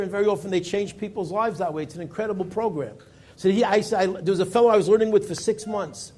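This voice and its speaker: Husky rabbi with a high, animated voice, telling a story in a Torah class. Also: male voice. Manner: animated storyteller, voice rising with emphasis and dropping low for quoted lines.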